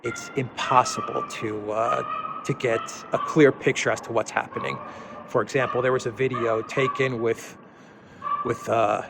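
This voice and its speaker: A man's voice: mid-range voice, background noise. Hesitant man giving political commentary. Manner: hesitant, many restarts and fillers, emphatic. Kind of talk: unscripted commentary monologue.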